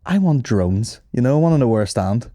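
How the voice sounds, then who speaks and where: A man's voice: medium pitch, brisk, dry recording. Sweary man telling stories. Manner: profane, animated, acts out voices in anecdotes. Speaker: comedian podcast host. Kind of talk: casual storytelling chat.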